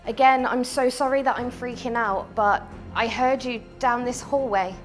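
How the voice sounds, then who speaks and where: A woman with a high voice films herself on a ghost hunt inside an abandoned house. She speaks straight to the spirits, turning jumpy, dropping to a hush and then exclaiming loudly. Faint music plays underneath. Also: steady tone, normal speed. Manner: jumpy, swings between hushed and exclaiming. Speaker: paranormal vlogger. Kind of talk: ghost-hunting vlog, talking to spirits. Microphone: small mic on the camera.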